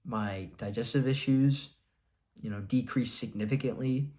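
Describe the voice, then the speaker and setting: A man's voice: medium pitch, measured pace, a little mellow. A young adult man talking casually to camera, rambling with many fillers, earnest and a bit defiant. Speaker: vlogger sharing his diet experience.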